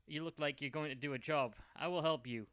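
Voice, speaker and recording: A friendly guy who turns out to be a schemer, speaking in simple flat lines, as a man reads him out. The voice is bright and clean, with no room sound at all. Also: a little high, a little fast, clean tone, no room sound, natural voice. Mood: plain. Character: shifty friendly male sitcom actor.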